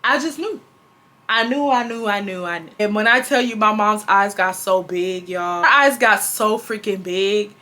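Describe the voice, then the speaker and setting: A woman in her twenties from Houston, telling a casual storytime to her viewers in an animated, slangy way. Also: mid-range voice, normal speed. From Houston, Texas. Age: 20s. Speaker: vlogger.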